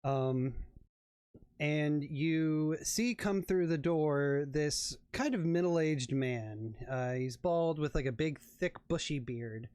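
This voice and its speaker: Slow-talking man running a tabletop game. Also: on the high side, a little mellow, smooth, dry recording, studio quality. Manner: unhurried, with many fillers and restarts. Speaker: game master.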